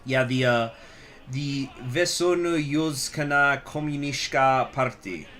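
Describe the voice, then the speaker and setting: Chatty man with a bright voice. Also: mid-range voice, slow pace, soft background music. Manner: rambling, chatty storytelling, reading chat. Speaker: gaming channel host. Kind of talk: casual commentary over strategy gameplay.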